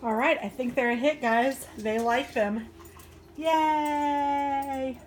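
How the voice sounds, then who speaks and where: A woman's voice: fairly high pitch, normal speed. A woman chatting casually at home in her kitchen as she bakes, cooing sweetly to her dogs. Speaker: home baking and crafting vlogger. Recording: noisy, with clattering dishes and clicks.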